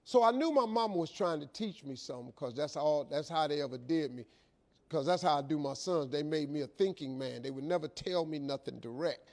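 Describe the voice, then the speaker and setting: A man's voice: a little high, animated, fairly quick, darkish tone. A middle-aged man telling a folksy, emphatic, preacher-like story to a live audience as a motivational speaker.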